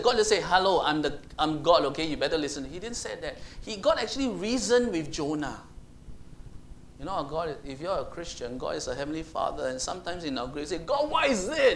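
Male preacher, animated sermon delivery, fairly high voice, faint background noise. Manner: animated, asks the congregation questions, acts out Bible voices.

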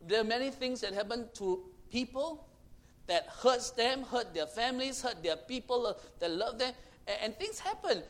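A man with a high-pitched voice preaches a sermon. He moves between booming proclamations and hushed, close passages, and drives his points home by repeating phrases. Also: lively intonation, normal speed. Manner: swings from loud proclaiming to hushed intimate tones; repetitive, emphatic phrasing.

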